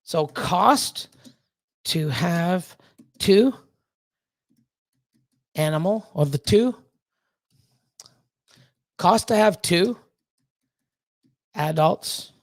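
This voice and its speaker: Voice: mid-range voice, animated, very slow, long pauses. Blunt, swearing reptile breeder on a livestream. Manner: blunt, profane and heated, with many restarts; emphatic repeated pleading. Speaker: reptile breeder and channel host. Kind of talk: casual livestream talk to chat.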